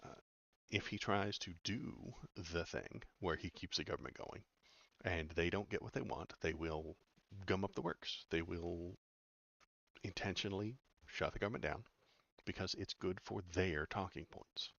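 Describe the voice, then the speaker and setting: A man with a very low, gravelly voice talks through the news in a sarcastic, rambling way, full of hesitations. The sound is dry and a little dull, like a lo-fi home mic. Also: measured pace, fairly bright tone, dry recording. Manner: sarcastic, rambling, many "uh" fillers. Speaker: political commentary streamer. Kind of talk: casual commentary reading news aloud.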